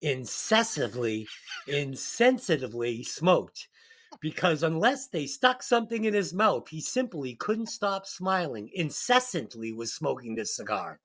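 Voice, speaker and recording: Jokey podcast host reading trivia. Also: male voice, fairly high pitch, very animated, measured pace, a bit bright. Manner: loose, jokey, stumbles through his own reading. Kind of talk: casual movie-review podcast chat.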